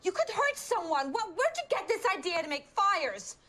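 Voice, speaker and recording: An actress playing a weary, nervous working-class waitress and mother who talks in a nervy, sharp-tongued way. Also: medium pitch, animated, a little fast, natural voice. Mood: scolding. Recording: film soundtrack with music and hiss.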